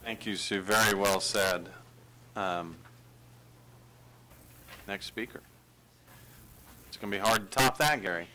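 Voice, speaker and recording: A man, the mayor, chairing a city council meeting and calling on speakers in a brisk, friendly way. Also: on the low side, bright, forceful tone. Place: council chamber.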